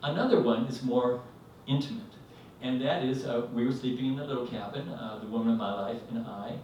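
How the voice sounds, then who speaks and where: A storyteller at an indoor live event rambles animatedly through a tale on stage, acting out the quotes. His mid-range voice is fairly quick, and the lo-fi recording comes from a distant mic in an echoey hall with slight background noise.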